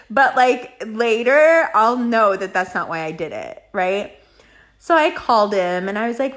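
A fairly high-voiced woman hosts a podcast, spilling a personal story in a loose, confessional ramble. She leans on "like" constantly, curses freely and keeps breaking into laughter. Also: normal speed, a bit bright. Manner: rambling, many "like" fillers, swears freely, laughs often. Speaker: podcast host.

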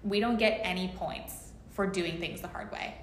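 A woman's voice: on the low side, moderate pace, slight background noise. Reflective woman guest in an echoey room. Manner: reflective, many "like" fillers. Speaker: interview guest, business owner. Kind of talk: casual interview chat.

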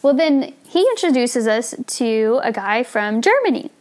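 A woman's voice: a little high, very animated, measured pace, a little mellow. A young woman hosting a podcast, telling a story in a casual, chatty way with plenty of fillers and laughs. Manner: chatty, laughs often, lots of "like" and "you know". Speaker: podcast host.

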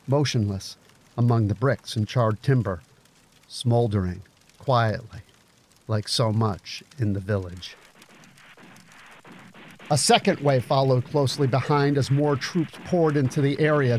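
A man narrating a story in a measured, grave audiobook reading. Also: mid-range voice, slight background noise. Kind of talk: scripted narration.

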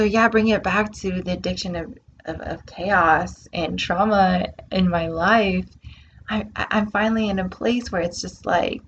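A woman's voice: medium pitch, slight background noise. Woman doing her own podcast, earnest self-help talk, repeats words to drive it home, kinda muffled sound. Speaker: podcast host. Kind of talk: reflective spiritual self-help monologue.

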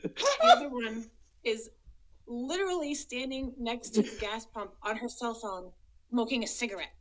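A woman's voice: on the high side, normal speed, poor audio. A woman co-hosting a movie podcast, telling a personal story in casual chat, laughing often and acting out the quotes. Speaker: podcast co-host.

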